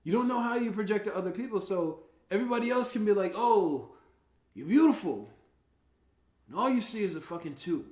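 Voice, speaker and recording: A man hosting a podcast, telling stories in casual chat, slangy and profane, swinging from loud laughing outbursts down to low murmurs. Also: quick pace, hardly any pauses, roomy sound. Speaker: podcast host.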